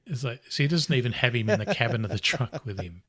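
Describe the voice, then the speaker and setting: A man hosting a podcast, calmly recapping a film's plot scene by scene. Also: medium pitch, quick pace, slightly rough. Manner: relaxed, recaps the plot step by step. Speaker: podcast host. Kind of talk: casual film discussion.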